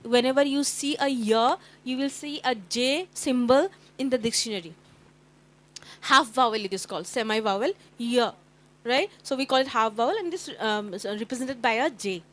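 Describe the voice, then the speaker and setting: A high-pitched Indian woman trainer leads a phonics session for teachers. She sounds out each letter again and again and keeps quizzing the room. Her voice is bright and sharp. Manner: sounds out letters slowly and repeatedly, quizzing the group.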